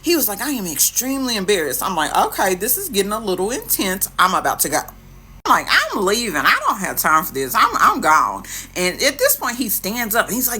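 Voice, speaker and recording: A young woman tells a wild dating story straight to camera, full of sass and punchy quoted lines. Her voice jumps around a lot in pitch and has a bright, slightly husky edge. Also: normal speed. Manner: animated, sassy, dramatic quoting.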